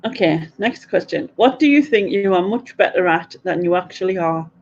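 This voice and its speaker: A woman's voice: fairly low pitch, expressive, normal speed, a little mellow, dull audio. A middle-aged woman, chatting and giggling through a casual live question-and-answer stream.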